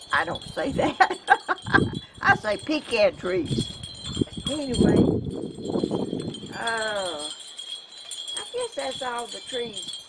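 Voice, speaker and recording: A woman's voice: fairly low pitch, creaky. An older woman from Georgia with a Southern accent, chatting casually and rambling in a folksy way outdoors in her yard. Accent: Southern American. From Georgia, USA. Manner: rambling, folksy, chuckling asides. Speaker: vlogger. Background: wind chimes and outdoor ambience.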